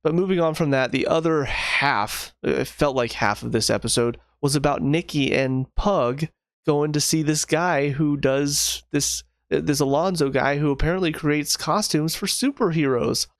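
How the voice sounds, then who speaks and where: A man's voice: fairly high pitch, unhurried, no echo, clean studio sound. A man giving a casual spoken review of a TV show in a sarcastic, rambling way, often restarting his sentences.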